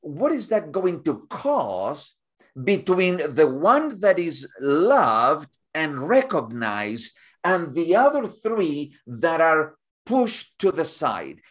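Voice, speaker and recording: A man talking as a guest in an interview, halting and repeating words as he builds up examples. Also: fairly high pitch. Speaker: guest speaker. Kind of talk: conversational interview.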